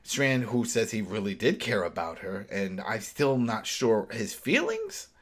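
A man co-hosting a casual recap chat, animatedly acting out scenes in quick mimicked voices. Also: on the low side, huge pitch swings, fairly bright tone. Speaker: podcast co-host.

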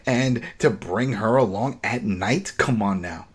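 Husky-voiced man recapping a TV episode. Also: lowish voice, unhurried. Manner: animated retelling, acting out quoted lines. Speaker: podcast host.

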